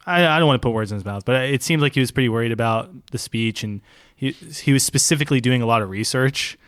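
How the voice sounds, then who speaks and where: A man's voice: medium pitch, fast, a bit bright, dry recording, clean studio sound. A young man co-hosting a podcast, laid-back and chatty, often laughing as he talks. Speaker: podcast co-host. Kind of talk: casual chat.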